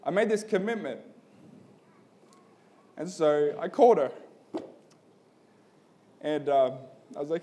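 A young man with a fairly high voice delivers a sermon in an easygoing, chatty way. His talk is full of "like" and "man". He tells a story plainly and then presses an earnest call to commitment. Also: expressive, slow pace, long pauses, warm tone. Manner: casual and storytelling, peppered with "like" and "man"; builds to an urgent appeal. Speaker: pastor. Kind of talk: conversational sermon.

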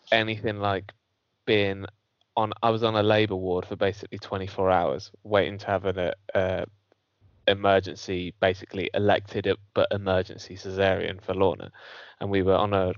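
Man, low voice, sweary laughing storyteller, dry dull recording. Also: no echo. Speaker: podcast co-host. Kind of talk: casual banter.

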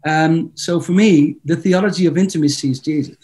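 A man speaking English as a second language, telling stories earnestly as a guest author in a faith interview, with many halting restarts. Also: fairly high pitch, darkish tone. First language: not English.

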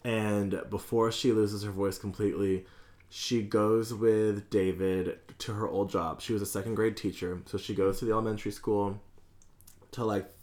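A man's voice: on the low side, fairly even intonation, normal speed, darkish tone. A man co-hosting a podcast, chatting casually and candidly about a film, joking and swearing freely. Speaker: podcast co-host.

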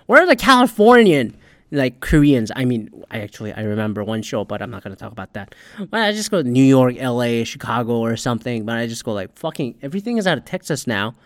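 A man's voice: medium pitch, expressive, fast, a little mellow, no room sound, studio quality. A man ranting in casual, rambling commentary, sarcastic and swearing constantly as a podcast host. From Asian heritage.

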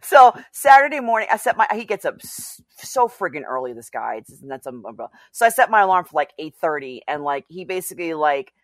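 A woman's voice: deep voice, very animated, fairly quick, hardly any pauses, dry recording. A woman co-hosting a podcast, chatting frankly and giggling often. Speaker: podcast co-host. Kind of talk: casual chat.

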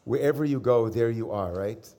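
A middle-aged man, a rabbi, giving a sermon in a conversational storytelling manner with gentle humor. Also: medium pitch, moderate pace.

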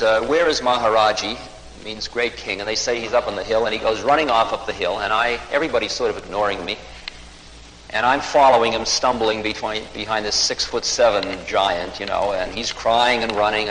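A man's voice: lowish voice, a bit bright. A man recounting a personal story in a recorded talk, acting out the voices of the people he quotes. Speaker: spiritual teacher telling a story. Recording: echoey hall recording with faint noise.

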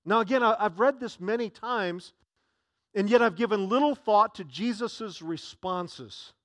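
Male pastor preaching a sermon, high voice, dry close sound, earnest with frequent restarts. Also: a little slow, fairly bright tone, no room sound.

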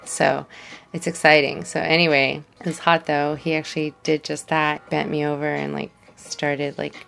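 Young woman podcast host rambling through a story, low voice, lots of "like". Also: level tone, normal speed, vocal fry, a bit bright, smooth, soft background music. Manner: chatty, lots of "like" fillers. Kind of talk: casual storytelling.

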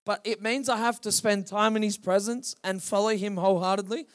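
High-voiced male pastor preaching. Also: fairly even intonation, fairly quick. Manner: preaching with rising calls to the congregation. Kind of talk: sermon.

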